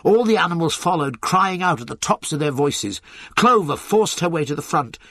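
Husky expressive male audiobook narrator. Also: on the high side, moderate pace, no room sound, studio quality. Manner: expressive, dramatic reading.

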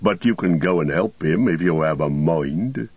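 Gruff older male hobbit farmer voiced by a man, rustic, eager, dry close sound. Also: low voice, lively intonation, moderate pace, dry recording, full character voice. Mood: hearty. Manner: rustic, hearty exclamations. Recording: dull lo-fi recording.

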